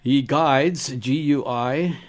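A man's voice: mid-range voice, takes it slowly. A man from South Africa, a minister telling his story in a radio interview, repeating himself and checking in with "okay?". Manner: rambling, repeats words, frequent "okay?". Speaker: guest minister.

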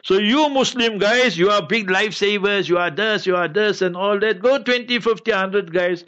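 Preachy man, high voice. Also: normal speed, a bit bright, clear, resonant tone, highs cut off. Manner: preachy, joking, keeps repeating "you must remember". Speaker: mufti answering listener questions. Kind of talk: religious Q&A broadcast.

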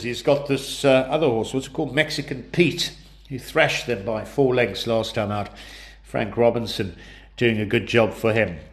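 A man's voice: medium pitch, fairly bright tone. A man, congested from flu, giving horse racing tips in a businesslike way and rattling off numbers and odds.

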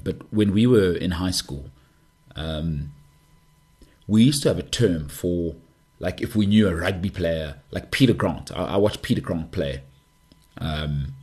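A man hosting a podcast, talking in a low, husky voice. He rambles through a casual monologue, full of jokey asides and excited outbursts. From South Africa. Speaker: podcast host.

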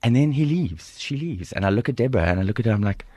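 Fast-talking South African man, dry sound. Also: mid-range voice, husky, no room sound. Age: middle-aged. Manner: animated, humorous storyteller. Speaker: guest. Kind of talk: storytelling interview.

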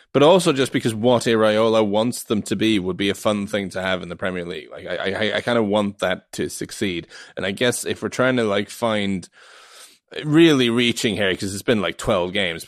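A man gives casual football analysis, thinking aloud and restarting his sentences. His voice is very low. The recording is dry and close. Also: dry recording. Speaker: football pundit.

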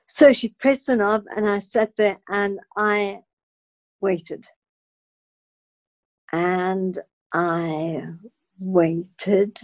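A woman, an actress telling her story as a guest in dramatic, expressive bursts with stammered restarts. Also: mid-range voice, slow pace, long pauses, no room sound. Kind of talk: animated personal storytelling.

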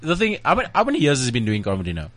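A man's voice: mid-range voice, huge pitch swings, rapid-fire, a bit bright, dry recording. A man co-hosting a casual radio chat show, playful and jokey, sometimes singing silly bits.

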